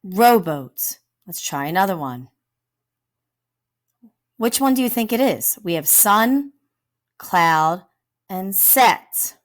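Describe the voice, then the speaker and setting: A woman's voice: medium pitch, expressive, slow pace, pauses often. A woman teacher giving a recorded phonics lesson to young children, patiently sounding out each word. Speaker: elementary teacher.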